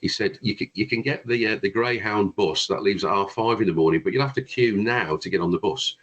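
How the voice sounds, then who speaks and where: A man's voice: on the low side, brisk, husky, highs cut off. A man, a guest brass player, telling long rambling anecdotes in a casual chat, with frequent restarts.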